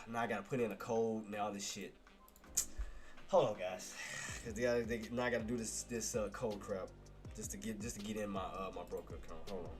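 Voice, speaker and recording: A man live-streaming his day trading, muttering his moves to himself and breaking into loud, exasperated laughing outcries. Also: fairly low pitch, steady tone, a little fast, faint music behind. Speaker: livestreamer trading on camera.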